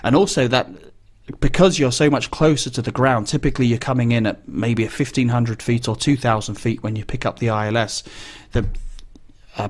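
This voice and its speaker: A business jet pilot with a mid-range voice talks casually, explaining things in a wry, conversational manner and often pausing to think.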